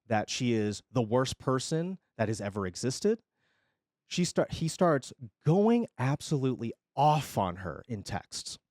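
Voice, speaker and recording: A man's voice: medium pitch, no room sound. A male streamer talks straight to his chat about something that happened, rising and falling in volume as he tells it, and he swears freely. His voice sits mid-range on a close desk mic with a dry, tight sound. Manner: animated retelling, swings loud and quiet, swears freely. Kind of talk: casual storytelling to stream chat.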